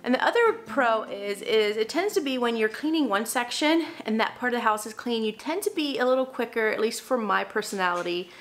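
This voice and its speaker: This young mother and vlogger chats casually on camera about housekeeping as she cleans, using "like" constantly and tossing in jokes at her own expense. She talks a little fast with few pauses, her slightly high voice full of lively intonation.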